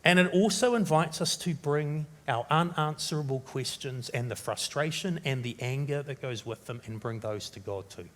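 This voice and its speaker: A man preaching a sermon as pastor, from New Zealand, turning dramatic and loud when he voices the biblical writer's questions. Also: mid-range voice, normal speed, hardly any pauses.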